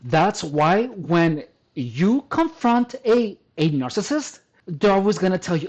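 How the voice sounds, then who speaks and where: A man's voice: high voice, sing-song, slow pace, a little mellow, low-quality recording. Emphatic man in a casual monologue. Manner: emphatic, repeats and restarts phrases; addresses listener as dude and man. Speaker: personal trainer vlogger.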